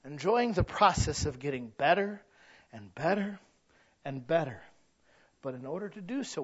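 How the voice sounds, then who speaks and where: A man preaching a sermon as a pastor, swinging from quiet storytelling to loud shouted points, with humor. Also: on the high side, animated, normal speed, pauses often, slightly rough. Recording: dull lo-fi sound.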